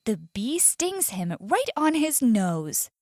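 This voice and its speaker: Slow, expressive woman storyteller. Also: on the high side, no room sound, clean studio sound. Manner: clear, expressive, deliberate. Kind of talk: slow scripted story narration for learners.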